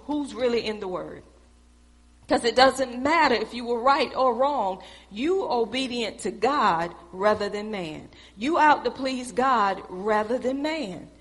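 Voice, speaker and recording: A woman's voice: on the high side, fairly bright tone, in a large hall. A woman preaching a sermon in a church, talking straight to the congregation in a conversational, emphatic way.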